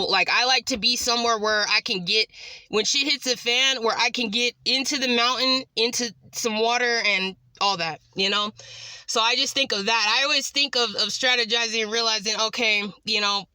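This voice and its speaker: Rambling high-voiced woman vlogger. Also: pushed and bright, dry recording. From California. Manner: rambling, repetitive, agitated. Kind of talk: casual talking-to-camera vlog update.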